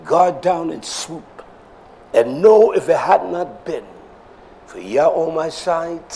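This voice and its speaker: Fiery preacher man with a gravelly voice. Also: animated, takes it slowly, a little hiss or hum. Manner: emphatic, swings between shouts and low murmurs; repeats phrases for emphasis. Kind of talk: sermon.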